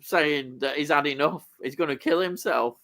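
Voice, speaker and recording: A man in a casual chat, chatty and quick to laugh. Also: on the high side, fairly bright tone. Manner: chatty, laughs often, trades song trivia. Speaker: podcast co-host.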